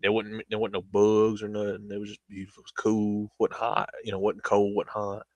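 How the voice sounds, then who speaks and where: A man's voice: fairly low pitch, monotone, a little fast, a little mellow, no room sound. A young man, rambling through stories in casual chat on a stream. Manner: rambling storytelling with frequent laughter.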